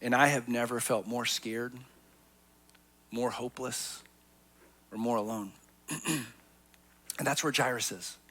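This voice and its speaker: Guy preaching a sermon, earnest, goes from quiet to loud, personal storytelling style. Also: medium pitch, steady tone, measured pace, long pauses. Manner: earnest, swings from hushed to emphatic. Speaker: pastor.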